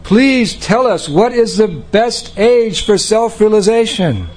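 A man voicing a group of male sages pleading with a great saint, high and stammering. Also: animated, slow, a little mellow, full character voice.

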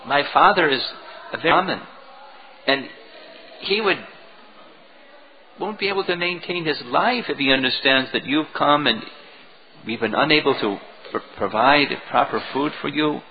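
A man voicing an eloquent, gentle young boy who pleads softly and earnestly, on a dull lo-fi recording. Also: fairly high pitch, measured pace, long pauses, slight background noise. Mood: pleading.

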